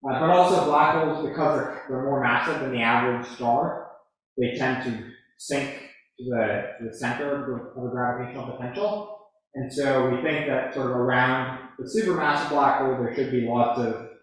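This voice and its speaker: Echoey lecture-hall scientist, a man. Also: mid-range voice. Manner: thoughtful, hedging, frequent restarts and "uh". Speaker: astrophysicist answering audience questions. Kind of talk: public lecture Q&A.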